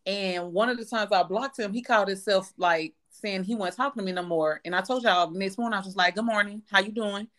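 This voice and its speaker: A woman's voice: mid-range voice, fast talker, hardly any pauses, fairly bright tone. Thirties woman cohosting a chat, blunt and cussing a lot, handing out advice. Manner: blunt, profane, advice-giving. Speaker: podcast co-host. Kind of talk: casual chat.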